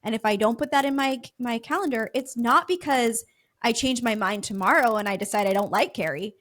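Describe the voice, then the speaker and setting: A woman podcast host in a casual conversation, affirming and animated as she responds. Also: fairly high pitch, a little fast.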